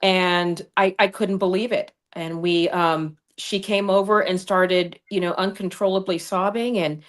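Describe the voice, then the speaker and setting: A woman running for Congress appears as a livestream guest, telling her story in a fiery, combative way over a streaming video call from a home studio on a remote streaming mic. Her voice is on the low side, unhurried, with fairly even intonation.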